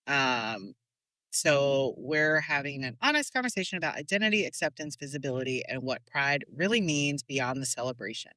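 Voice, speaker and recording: A woman hosting a casual podcast chat, a lively storyteller who laughs often and swears casually at her desk microphone. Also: sits low, dry recording. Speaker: podcast host.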